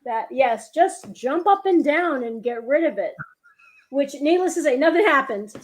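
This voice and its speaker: A woman in her fifties from New York tells bawdy stories in a casual chat. Her voice sits high and swings widely in pitch. She laughs often as she talks. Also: lively intonation, normal speed. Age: 50s. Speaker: guest.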